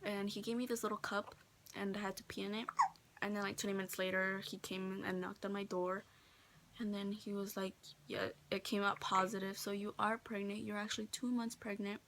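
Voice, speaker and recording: A teenage vlogger in a friend's bedroom tells a personal story, chatty and packed with "like," and quotes other people in her own voice. She speaks briskly in a mid-range, fairly bright voice with little pitch movement. There's slight background noise.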